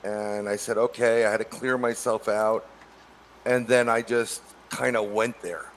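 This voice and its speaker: A man telling a story on a podcast in a casual, animated way, acting out the people he quotes. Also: unhurried, slight background noise. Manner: animated, acts out quotes with rising pitch. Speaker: podcast co-host.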